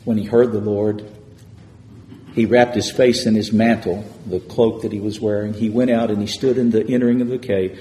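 In a church hall with long, echoing reverb and slight background noise, a man preaches a sermon. His voice is lowish and dark, his intonation fairly even, his speed normal, and his cadence emphatic and repetitive.

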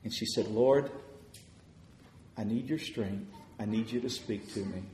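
A man preaching a sermon, telling stories of answered prayer and swelling louder as he retells people's words. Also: fairly low pitch, moderate pace, echoey room, slight background noise.

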